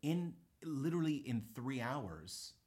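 A man in his forties, a guest on a comedy talk show, telling a story with animated delivery and acting out the people in it. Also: mid-range voice, takes it slowly. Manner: animated, acts out quoted people. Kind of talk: comic storytelling.

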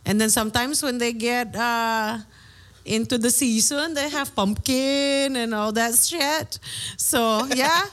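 A woman's voice: on the high side, slow pace, fairly bright tone. A woman co-hosting a podcast in casual chat, talkative, laughing easily and swearing casually. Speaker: podcast co-host. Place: bar.

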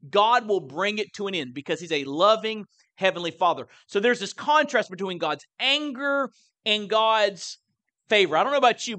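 A man preaches a sermon in a church. His voice sits high and sounds bright and ringing. He is earnest, and his pitch lifts whenever he quotes scripture. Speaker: pastor. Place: church sanctuary.

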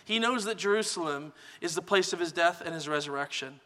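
A man preaching a sermon as pastor, in a relaxed conversational teaching manner. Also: fairly high pitch, fairly quick, big-room sound. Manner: relaxed conversational teaching, many "kind of" hedges.

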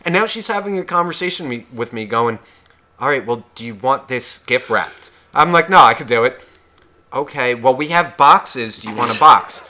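This podcast co-host has a mid-range voice, pushed and bright, with lively intonation at normal speed. In a casual storytelling rant, he recounts a profane shopping experience and plays both people in the conversation.

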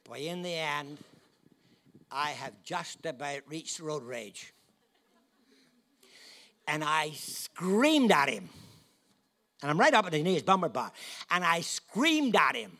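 Man, preacher, storytelling sermon, slightly high voice, humorous, laughs a lot. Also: slow pace, pauses often. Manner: animated, humorous, laughs often, swings from hushed to loud. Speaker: guest preacher.

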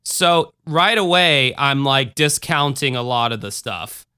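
A man's voice: mid-range voice, unhurried, smooth. A young man co-hosting a podcast, chatting casually and with a lot of profanity as he reviews a book and tells stories. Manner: rambling, profane, animated storytelling. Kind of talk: casual chat.

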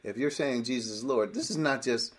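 A man leading a Bible study to listeners on a group call, emphatic, asking rhetorical questions and swinging between loud and quiet. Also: mid-range voice, fairly quick. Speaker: Bible teacher.

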